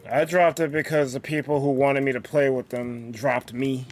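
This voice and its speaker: A man's voice: medium pitch, flat delivery, normal speed, soft background music. A man streaming a game, chatting casually with many fillers and restarts. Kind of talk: casual gaming stream chat.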